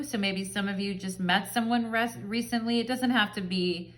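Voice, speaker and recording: A woman talks to camera in a chatty, rambling way, filling her tarot reading with "like" and "um". She sounds relaxed and at home, speaking in a mid-range voice. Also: mid-range voice, moderate pace. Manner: chatty, rambling, filler-heavy. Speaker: tarot reader. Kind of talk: casual pick-a-card tarot reading.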